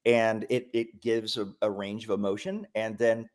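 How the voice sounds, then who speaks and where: A man presenting a live software demo, talking enthusiastically, with lots of ums and restarts. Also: lowish voice, little pitch movement, normal speed. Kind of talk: live product demo talk.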